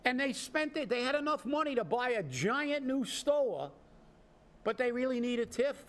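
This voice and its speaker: Male co-host, high voice, indignant ranting commentary. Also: lively intonation, moderate pace. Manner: indignant, ranting, rhetorical questions. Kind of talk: heated political commentary.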